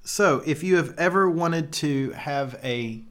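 A man's voice: on the high side, slow pace, fairly bright tone. A man co-hosting a podcast in casual chat, jokey and laughing often, swearing freely. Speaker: podcast co-host.

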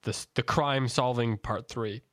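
A man hosts a casual book club podcast and guides the talk along. His manner is relaxed and easy. The sound is dry and close. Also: medium pitch, unhurried, no echo. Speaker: podcast host.

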